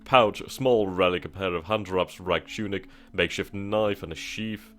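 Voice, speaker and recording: Speaking at normal speed in a deep voice, the gaming channel host reads the on-screen text aloud and thinks out loud with hesitations in casual let's-play commentary.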